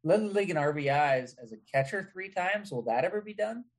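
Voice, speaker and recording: A man guest on a casual podcast, chatting excitedly and reciting sports stats. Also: high-pitched, fast talker.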